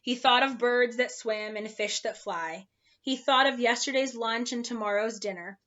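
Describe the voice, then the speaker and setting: A woman reads a children's storybook aloud, expressive and animated. Her voice is bright and a bit high, and the recording is dull and lo-fi. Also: moderate pace. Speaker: narrator.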